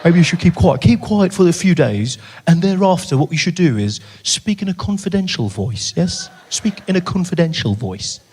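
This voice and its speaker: A male comedian playing a condescending doctor who gives slow, coaxing advice. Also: sits high, animated, a little mellow, slightly rough. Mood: patronizing. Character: patronizing London doctor, middle-aged man.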